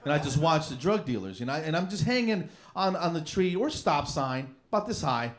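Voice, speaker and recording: A man's voice: a little high, a little fast. Self-mocking man doing stand-up. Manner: rambling, self-mocking deadpan. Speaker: stand-up comedian. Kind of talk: stand-up routine. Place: comedy club stage.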